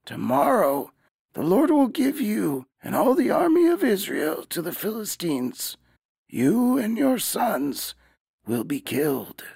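Stern old prophet spirit, man acting, loud condemning tone, slow and dry. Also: high-pitched, huge pitch swings, gravelly, slightly rough, dry recording, full character voice. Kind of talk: audio drama acting.

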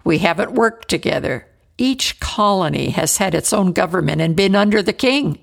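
A woman's voice: lowish voice, lively intonation, normal speed, vocal fry. A woman voicing a male colonial patriot in a story reading, speaking earnestly and persuasively. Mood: urging.

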